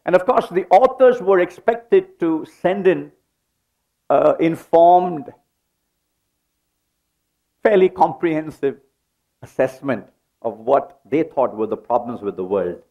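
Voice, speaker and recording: A man's voice: fairly high pitch, lively intonation, takes it slowly, long pauses, warm tone, highs cut off. A middle-aged man preaching a sermon in a church, leading the congregation in call-and-response. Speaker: pastor.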